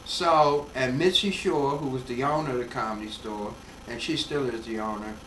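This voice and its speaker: Older man telling a lively comedy story. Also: medium pitch, normal speed, recorded from a distance, a little hiss or hum. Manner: animated storyteller who acts out the voices. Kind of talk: storytelling interview. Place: his home. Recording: echoey room, off-mic, faint ambience.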